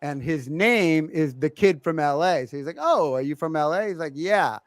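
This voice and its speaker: A man's voice: a little high, lively intonation, moderate pace, no room sound. A middle-aged man co-hosting a podcast, telling a family story in casual chat and acting out his kids' voices. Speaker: podcast co-host.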